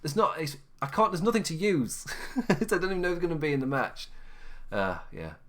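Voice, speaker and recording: This tired, low-energy podcast host rambles through a casual solo wrestling chat, often laughing and correcting himself. His fairly high-pitched voice is very animated and runs a little fast.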